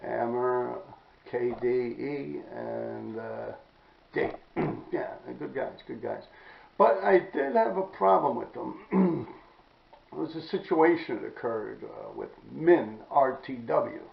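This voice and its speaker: Podcast host, New man, heavy vocal fry, blunt and profane, roomy dull recording. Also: mid-range voice, slow pace. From New York City. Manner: blunt, profane, rambling, clears throat often. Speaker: podcast host telling graffiti stories. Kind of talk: casual storytelling monologue.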